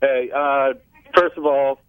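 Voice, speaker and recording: A man's voice: medium pitch, steady tone, slow pace, clean tone, dry recording. A man calling into a radio show, laid-back and teasing. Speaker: radio caller. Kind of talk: phone-in chat. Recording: muffled call-in line.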